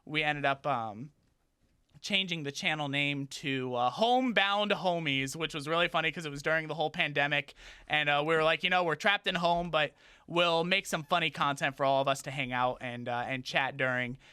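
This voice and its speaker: A man streaming a video game, chatting in a rambling, halting way with many restarts and breaking into high startled yelps. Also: pushed and bright, clean tone, no echo, studio quality. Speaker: gaming streamer. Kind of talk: casual livestream gaming chat.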